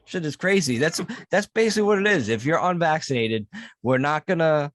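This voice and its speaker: A man's voice: on the high side, lively intonation, brisk, fairly bright tone, no room sound, clean studio sound. A man co-hosting a podcast, ranting and joking with lots of swearing. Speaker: podcast co-host. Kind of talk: casual chat.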